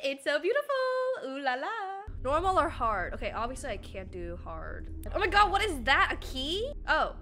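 Girl streamer playing a horror game, talks to chat, super high voice, goes all over the place, giggly and excitable. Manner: excitable, giggly, chats to viewers. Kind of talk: casual gameplay commentary.

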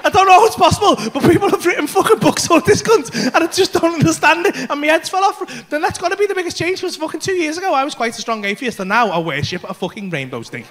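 A man doing stand-up comedy, telling a story in a loud, animated way, full of swearing. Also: very high voice, fast, hardly any pauses, slight background noise. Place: comedy club stage.

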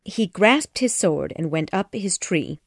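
A woman narrating a children's classic audiobook in a measured, expressive storytelling manner. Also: lowish voice, gravelly, dry recording, studio quality.

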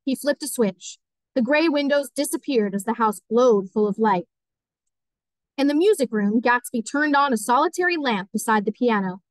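A woman teacher reading a novel aloud as audiobook narration, steady and clear. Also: fairly high pitch, dry recording, rough recording.

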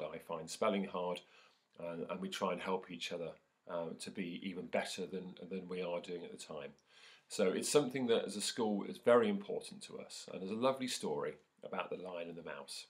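A man teaching, leading a school assembly and reading a story to children, gently with frequent ums. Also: low voice. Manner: gentle, hesitant with fillers, animated when reading.

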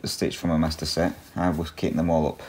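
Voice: extremely low pitch, little pitch movement, fairly quick, a little mellow, slightly rough. A cross-stitch vlogger in a casual chat, answering viewer questions in a rambling way with many ums and little laughs. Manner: talks to a pet between answers.

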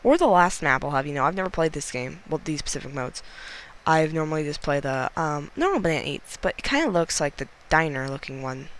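Goofy guy hosting a gaming channel, kinda high voice, all hyped up talking to himself while he plays. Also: fairly quick. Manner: goofy, excitable, talks to himself and the players. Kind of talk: casual gameplay commentary.

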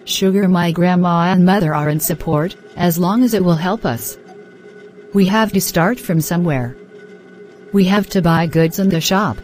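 A woman's voice: on the low side, normal speed, a little mellow, soft background music, close to an everyday voice. A woman voicing an earnest, hopeful wife. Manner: reassuring, earnest.

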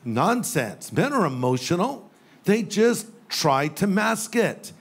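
Older male pastor preaching, light and funny, voice a touch high. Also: sing-song, takes it slowly, husky. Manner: humorous storytelling with playful quoted voices. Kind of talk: sermon. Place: church sanctuary with live audience.

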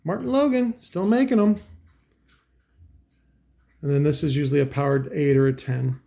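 A man talks through a loose, rambling commentary, sarcastic and quick to swear. His voice is gravelly and dark, and it sits a little high for a man. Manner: profane, sarcastic, full of asides. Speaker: host.

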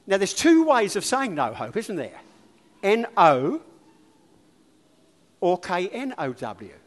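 A man giving an informal sermon, telling a personal story in a conversational, animated way. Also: high-pitched. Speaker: lay preacher. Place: church. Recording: church hall reverb.

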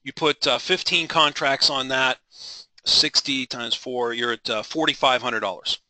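A man's voice: mid-range voice, steady tone, measured pace, bright, forceful tone, no room sound, low-quality recording. A middle-aged man leading a live trading webinar, passionate and driven, rambling with frequent restarts and apologies.

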